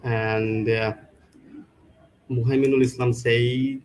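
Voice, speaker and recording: A man in a mid-range voice hosts a live online chat about speaking English. His phrasing is loose and halting, full of restarts. A faint hiss sits under his video-call audio. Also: mid-range voice, little pitch movement, a little mellow, poor audio. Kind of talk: casual live-stream chat.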